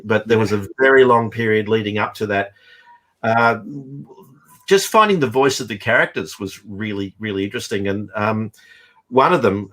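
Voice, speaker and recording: A middle-aged man who writes and teaches comics chats casually in a medium-pitched, fairly bright voice. His talk rambles, full of fillers and restarts.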